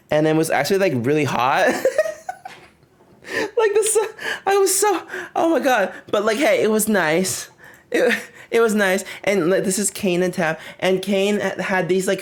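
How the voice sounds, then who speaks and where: A young man streaming live, chatting casually and rambling with lots of fillers and frequent giggles. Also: on the high side. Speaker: livestreamer. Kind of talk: casual livestream chat.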